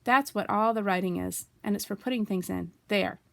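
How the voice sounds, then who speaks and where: A woman's voice: medium pitch, normal speed, vocal fry, dry recording, lightly acted. A woman voicing a cheerful, simple young male teddy bear who talks in an eager, chirpy way, in a storybook reading.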